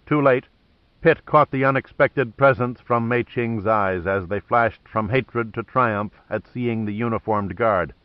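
A man narrates a thriller in measured, dramatic storytelling tones. His voice is mid-pitched and close, recorded in a dry studio with a slightly dull, muffled sound. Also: no room sound. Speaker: audiobook narrator.

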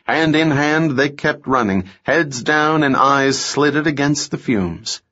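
A man reading a thriller as an audiobook narrator, with steady, measured storytelling. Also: on the high side, dull audio. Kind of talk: scripted narration.

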